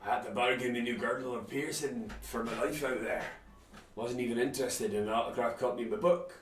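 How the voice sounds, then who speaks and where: A man voicing a chatty male dwarf author with a loud, attempted Scottish brogue. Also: mid-range voice, normal speed, close to an everyday voice. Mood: gruff complaining. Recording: roomy, distant mic, faint music.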